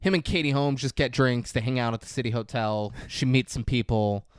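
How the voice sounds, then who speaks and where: A man's voice: mid-range voice, a little fast, clean tone, no room sound, studio quality. A man co-hosting a podcast, retelling a movie in casual chat and acting out the characters' lines with plenty of swearing. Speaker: podcast co-host. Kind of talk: casual film recap chat.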